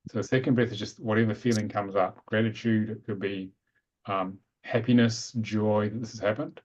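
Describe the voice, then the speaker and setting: A man guiding a breathing meditation over a video call, calm and instructive with some restarts. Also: lowish voice, normal speed. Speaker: meditation teacher. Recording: dull lo-fi webinar audio.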